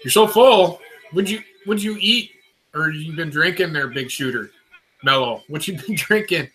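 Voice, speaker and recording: A man's voice: fairly high pitch, moderate pace, bright, forceful tone. A man hosting a casual livestream chat, loose and profane, talking to viewers by name. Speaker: show host.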